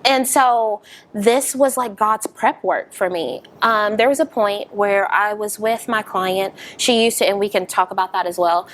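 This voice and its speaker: A young woman, a podcast guest, telling her story in a casual interview, animated and emphatic, laughing often. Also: medium pitch.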